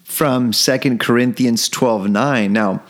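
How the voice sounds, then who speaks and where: A man's voice: medium pitch, takes it slowly. A man preaching a devotional sermon, earnest, repeating phrases and building toward fervor.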